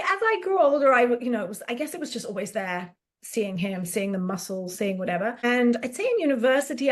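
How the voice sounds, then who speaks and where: A woman fitness coach talking casually in an interview, animated and full of "like" fillers, often acting out quotes. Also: medium pitch. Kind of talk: conversational interview storytelling.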